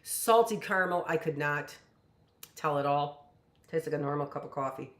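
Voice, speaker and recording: A woman in her late fifties teaches a casual live lesson from her kitchen, talking in a loose, rambling way full of asides and "you know." Her voice sits a little low. The sound carries the echo of a hard-surfaced room. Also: animated, moderate pace, a bit bright. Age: 50s. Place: home kitchen.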